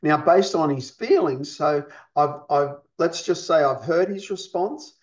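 A man's voice: fairly high pitch, unhurried, highs cut off. A man teaching a counselling lesson in an explanatory way, often checking in with his listeners. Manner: explanatory, checks in with "you see?" and "okay?". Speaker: counselling instructor.

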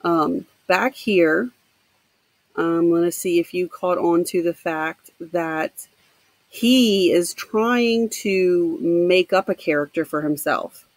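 Teacher lady reading a book out loud for class, stops to explain, dry sound. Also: on the low side, no room sound. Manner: pauses to explain to students, with fillers. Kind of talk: reading a novel aloud for students. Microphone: home computer mic.

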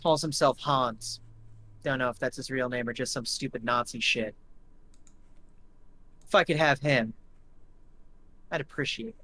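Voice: medium pitch, unhurried, long pauses, pushed and bright. A game master voicing Felix, a cocky, taunting street-tough man in a tabletop game, who talks in a dry, laid-back way. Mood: plain.

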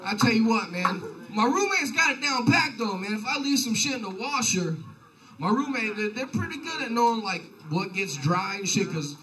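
A man's voice: sits high, big pitch swings, normal speed, bright, forceful tone, distant mic, rough recording. A young man doing a rambling, profane stand-up set in a comedy bar. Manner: profane, loose, rambling delivery. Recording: live bar set with crowd laughter.

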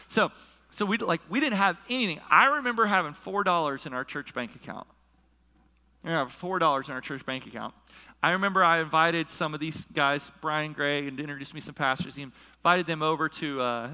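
Middle-aged man, pastor, bright tenor, emotional storytelling sermon, big hall reverb. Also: fairly high pitch. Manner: emotional, chokes up while telling a story. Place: church hall with a live audience.

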